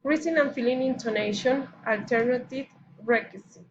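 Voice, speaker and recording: A woman, a Spanish native speaker, carefully reading English pronunciation and intonation drills aloud. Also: high voice. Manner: slow, careful, deliberate word-by-word reading. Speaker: language learner. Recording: slightly dull lo-fi recording with faint background noise.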